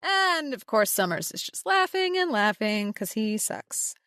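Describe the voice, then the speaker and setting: A woman's voice: fairly high pitch, sing-song, unhurried, sharp tone, smooth, no echo, studio quality. A woman guest voice actress on a podcast, recapping a comic chapter in casual chat and reading out character lines. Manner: reads out character lines with small acted voices.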